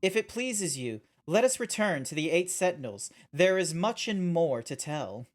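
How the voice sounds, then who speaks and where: An Australian man voicing a solemn, archaic-speaking clone, reading game dialogue slowly and formally on stream. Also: a little high, very animated. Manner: slow, measured, formal old-fashioned phrasing.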